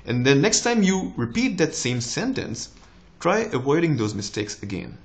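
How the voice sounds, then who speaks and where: A young man in his twenties with a slight American tinge, a doctor giving relaxed, encouraging exam tips in a casual vlog. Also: normal speed. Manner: relaxed, encouraging, with lively rises in pitch.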